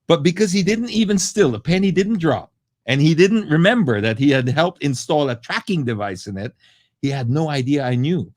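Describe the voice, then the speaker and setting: A man hosting a live question-and-answer stream, telling a story in a chatty, animated way and acting out the people in it. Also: fairly high pitch, normal speed, no room sound. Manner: animated, acts out the people in his stories; conversational, with frequent asides and fillers. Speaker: host answering viewer questions.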